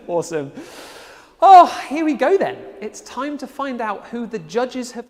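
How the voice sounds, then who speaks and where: A man's voice: very high-pitched, sing-song, unhurried, big-room sound. A man hosting a live online event, upbeat and chatty with frequent fillers. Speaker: host.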